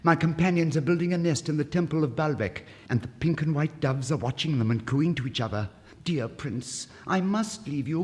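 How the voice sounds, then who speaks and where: A high, eager little swallow from a storybook, as a man puts him on, pleading and rushing his words. The phrases swing widely, with a long hall reverb around them from an old vinyl recording. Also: darkish tone, close to an everyday voice.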